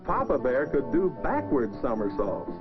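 A man narrating a children's story in a gentle, lilting voice, speaking to young listeners. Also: mid-range voice, wildly swooping pitch, normal speed. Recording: dull lo-fi record with music.

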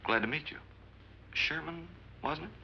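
An actor playing an absent-minded lab assistant in a 1950s film, clipped and distracted. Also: male voice, on the high side, normal speed, gravelly, bright, forceful tone, a little hiss or hum, exaggerated voice. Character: absent-minded male lab assistant, absorbed in his work. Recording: muffled old film soundtrack.

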